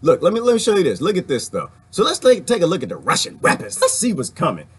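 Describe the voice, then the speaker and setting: Vlogger man, husky and fairly high, animated preachy rant to camera. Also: fast talker. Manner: animated, preachy, talks straight to the audience. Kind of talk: ranting commentary to viewers.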